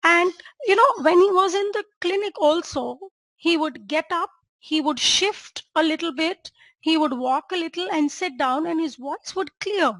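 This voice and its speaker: High-voiced woman lecturing. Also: a little slow, fairly bright tone, no echo. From India. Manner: engaging, checks in with listeners and asks rhetorical questions. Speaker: homeopathy doctor and teacher. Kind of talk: lecture presenting a clinical case.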